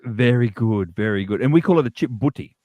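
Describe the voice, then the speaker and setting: A man's voice: medium pitch, animated, a little fast, warm tone, no room sound. A man with an Australian accent, co-hosting a casual podcast chat in a playful, rambling way. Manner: playful, trails off with fillers. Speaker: podcast co-host.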